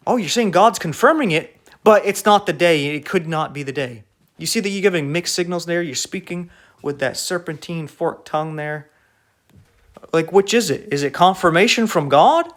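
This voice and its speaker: A man's voice: fairly high pitch, animated, moderate pace. A man preaching an online sermon in an emphatic, rebuking way, full of rhetorical questions.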